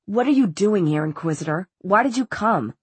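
A woman's voice: mid-range voice, expressive, moderate pace, slightly rough, no echo. A woman reading an audiobook, voicing a defiant, sarcastic teenage boy. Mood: wry. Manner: curt and sarcastic.

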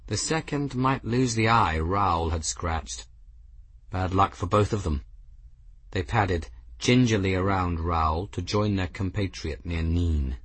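A man reading a story aloud as narrator in a measured, even way. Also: deep voice, breathy edge, no echo. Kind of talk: audiobook narration.

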